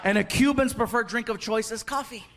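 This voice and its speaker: A man doing stand-up comedy, telling stories in an animated way and acting out characters with quick bursts of Spanish. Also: extremely high pitch. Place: comedy club stage. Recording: loud live crowd and noise.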